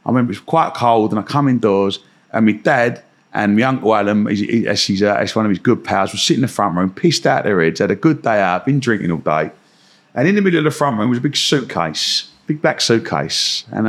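A man's voice: on the low side, fairly quick. A young adult man, telling a story as a podcast guest and acting out the voices of the people in it. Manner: animated storytelling, acts out voices. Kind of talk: anecdotal storytelling.

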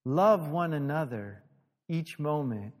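A man's voice: a little high, lively intonation, takes it slowly. A male pastor preaching a sermon, telling a story animatedly, acting out the dialogue and laughing at himself. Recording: long hall reverb.

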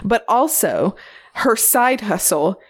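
A woman's voice: medium pitch, animated, slow pace, breathy edge. A woman co-hosting a casual film discussion, chatty and enthusiastic with a playful edge. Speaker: podcast co-host.

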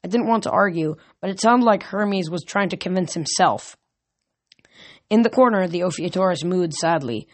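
A reader reading a novel aloud, halting and restarting often. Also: mid-range voice, expressive.

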